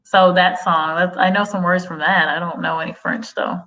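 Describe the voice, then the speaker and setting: A woman's voice: on the low side, steady tone, moderate pace, sharp tone, a little hiss or hum, low-quality recording. A young woman from the United States chatting on a live stream, reading viewer comments aloud and answering them. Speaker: livestream host. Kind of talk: casual livestream chat.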